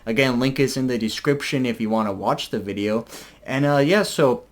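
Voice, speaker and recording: A man's voice: medium pitch, moderate pace. Rambling young man reviewing a concert. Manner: rambling, filler-heavy chat. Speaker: video reviewer. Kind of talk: casual concert review vlog.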